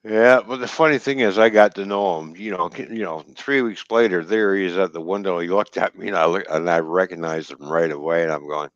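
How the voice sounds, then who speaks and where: Very deep-voiced man telling a trucking story. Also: brisk, few pauses, dry recording, dull audio. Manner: swears freely, quotes dialogue, laughs while telling. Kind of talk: casual storytelling on a stream.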